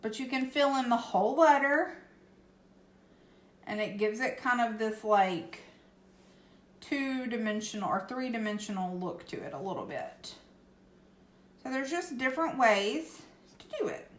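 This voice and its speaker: Casting note: higher-voiced woman, relaxed craft-tutorial host, reassuring, echoey room. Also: unhurried, long pauses. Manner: chatty, reassuring, tags with "okay?". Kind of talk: casual painting tutorial.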